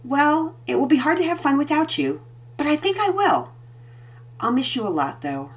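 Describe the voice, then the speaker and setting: A woman voicing a loving, gentle mother in a storybook reading, with a soft, sweet tone. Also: sits high, big pitch swings, normal speed, pitched above the performer's own voice. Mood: tender.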